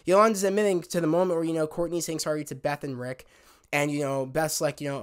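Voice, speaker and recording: Man, slightly high voice, rambling and heartfelt, casual show recap. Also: a little fast, smooth. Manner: rambling, heartfelt retelling of scenes. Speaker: TV show reviewer. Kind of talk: casual spoken episode review.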